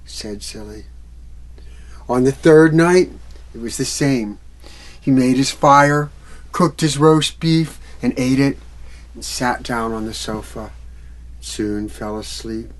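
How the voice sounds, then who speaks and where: A man telling a fairy tale to children at a library event, acting out the characters and sound effects with lively energy. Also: mid-range voice, takes it slowly. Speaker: musical storyteller. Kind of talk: storytelling for children.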